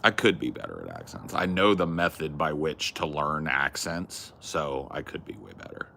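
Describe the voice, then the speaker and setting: A man with a very low, gravelly voice chatting on a podcast. His pitch swings widely as he jokes, swears and mocks himself. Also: animated, normal speed, sharp tone, a little hiss or hum. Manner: joking, profane, self-mocking. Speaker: podcast host. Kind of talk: casual chat.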